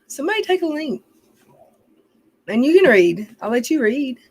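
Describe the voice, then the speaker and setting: A woman's voice: high voice, big pitch swings, normal speed. A middle-aged woman, chatting casually on a livestream, rambling, venting and swearing as she reads her chat.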